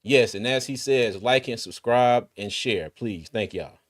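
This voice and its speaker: A man's voice: medium pitch, a little slow. A man hosting a casual sports live stream, laid-back and chatty, with many fillers and restarts. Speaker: sports podcast host.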